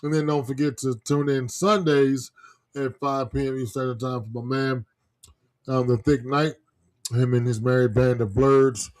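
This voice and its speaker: A brash, joking man co-hosting a live talk show. He reads out plugs for the network's shows and swears freely along the way, at a middle pitch. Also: steady tone, normal speed, darkish tone. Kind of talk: casual chat and show promos.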